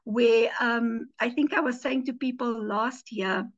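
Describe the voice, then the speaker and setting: Animated woman preaching. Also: a little high, measured pace, muffled recording. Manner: animated storytelling, acts out quoted voices. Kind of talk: teaching sermon with personal stories.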